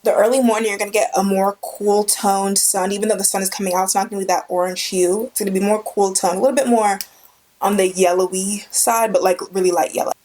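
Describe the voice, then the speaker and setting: A young woman speaking straight to the camera in a friendly, easygoing tutorial voice. She sits at a middle pitch and talks in a chatty, upbeat way, stressing her points by repeating them. It sounds like a casual indoor vlog recorded on the camera's own mic. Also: fairly even intonation, quick pace, a little mellow, slight background noise. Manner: chatty, enthusiastic, emphatic repetition. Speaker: photography tutorial host. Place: indoors with a studio light.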